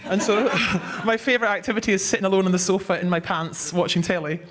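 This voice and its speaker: A woman's voice: medium pitch, fast talker, noisy background. A woman from Britain doing stand-up on stage, with a dry, self-mocking delivery. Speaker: stand-up comedian. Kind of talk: stand-up comedy. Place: comedy stage before a live audience.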